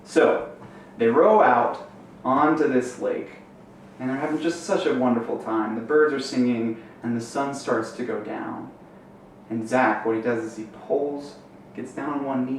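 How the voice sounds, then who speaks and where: A man's voice: mid-range voice, fairly even intonation, a little slow. Young man telling a long shaggy-dog joke. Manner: rambling, many fillers, builds to a punchline. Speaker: amateur comedian. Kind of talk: storytelling joke. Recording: roomy echo, distant mic, faint noise.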